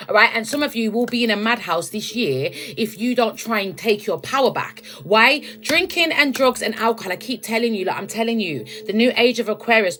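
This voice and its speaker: A young woman, her voice sitting a little high, talks straight to her viewers in a loose spiritual rant. She is chatty and emphatic and keeps calling them babes. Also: fairly bright tone. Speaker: spiritual content creator. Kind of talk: casual spiritual rant to camera.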